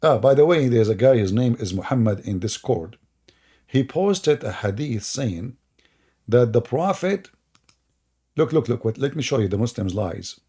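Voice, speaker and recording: A man's voice: mid-range voice, sing-song, moderate pace, mellow, breathy edge. A man hosting a livestream and taking callers, talking in a sarcastic, mocking way with loose non-native grammar. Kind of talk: mocking religious-debate livestream.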